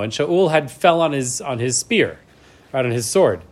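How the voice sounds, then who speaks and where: During a class lecture, a middle-pitched Torah teacher reads Hebrew verses aloud and then explains them in plain English. He speaks at a moderate pace with lively intonation, tagging "right?" onto his points to check in with listeners.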